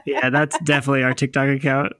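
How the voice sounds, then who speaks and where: A man's voice: mid-range voice, flat delivery, fast talker, fairly bright tone, no echo. A man co-hosting a film podcast, leading segments with dry jokes in casual chat. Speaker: podcast co-host.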